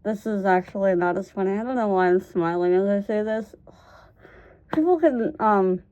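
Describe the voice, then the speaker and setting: A woman's voice: medium pitch, moderate pace, dark tone, muffled recording. A young woman telling funny personal stories to camera in a casual vlog, laughing often and swearing freely. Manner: swears casually, many fillers. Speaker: vlogger. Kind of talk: casual storytime chat.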